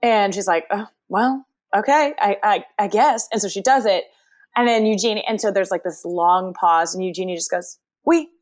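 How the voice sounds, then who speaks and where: A woman with a mid-range, slightly fast voice co-hosts a podcast, recapping TV episodes in casual chat and acting out quotes from the scenes.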